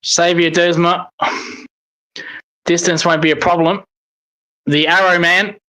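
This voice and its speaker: A man commenting live on a football match as a fan, excitable and swearing when frustrated. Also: high voice, takes it slowly, rough recording. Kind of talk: live watch-along commentary.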